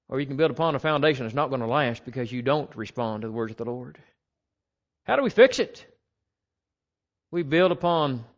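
Man preaching, slow emphatic scripture reading. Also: medium pitch, dull audio. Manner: reads scripture slowly and with rising force. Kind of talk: sermon.

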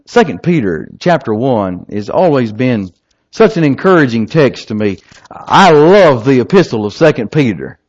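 A man preaching an evening sermon, emphatic and lively, asking the listeners rhetorical questions. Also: medium pitch, normal speed. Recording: slightly dull lo-fi recording.

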